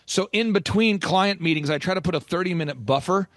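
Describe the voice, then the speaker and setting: A male business podcast host with a fairly high voice, telling stories with energy and heavy emphasis. His voice is recorded dry and close, with little room sound. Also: brisk, fairly bright tone, no echo.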